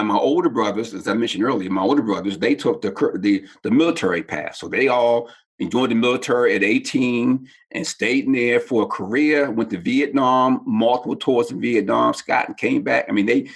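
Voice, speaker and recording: Here a Baltimore man in his sixties, from the United States, tells personal stories with animation during a podcast interview, voicing the people he quotes. He speaks in a mid-range voice that's slightly rough.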